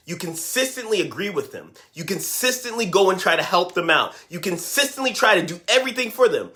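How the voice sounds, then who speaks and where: A middle-aged man coaching parents straight to camera, energetic and emphatic, often putting questions to his viewers. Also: sits high. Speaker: parenting and teen life coach. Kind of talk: direct-to-camera coaching talk.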